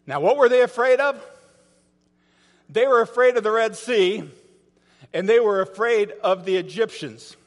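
A man's voice: sits high, lively intonation, measured pace, pauses often, in a large hall. A man preaching a sermon as pastor, telling a story dramatically and asking his listeners rhetorical questions.

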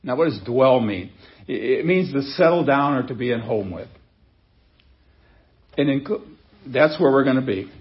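A man's voice: medium pitch, expressive, moderate pace, long pauses, muffled recording. A pastor preaching a sermon to his congregation in a conversational way, asking rhetorical questions and repeating key phrases for emphasis. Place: church sanctuary.

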